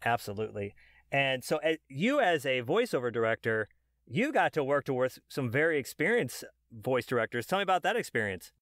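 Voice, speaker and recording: A man's voice: mid-range voice, sing-song, brisk, a bit bright, no echo, clean studio sound. A man hosting an interview about voiceover, asking earnest questions with some stumbling restarts. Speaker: podcast host. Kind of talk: casual interview chat.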